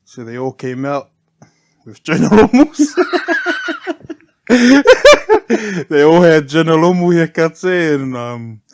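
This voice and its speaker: A man's voice: on the high side, normal speed, smooth. Middle-aged New Zealand man, easygoing storyteller, chuckles a lot, tags lines with "eh", guest on a chat podcast. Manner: relaxed, laughs often, ends phrases with "eh". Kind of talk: casual storytelling interview.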